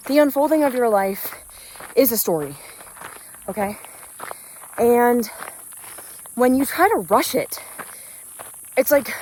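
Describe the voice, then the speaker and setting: Woman coach, earnest and loose, vlogging mid-hike, slightly winded, phone mic with faint outdoor noise. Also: fairly high pitch. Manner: earnest, uplifting, loose and rambling with fillers. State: slightly out of breath from hiking. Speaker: spiritual business coach. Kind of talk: unscripted motivational vlog on a walk. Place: outdoors on a hiking trail in nature. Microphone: phone without an external mic. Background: crickets and insects.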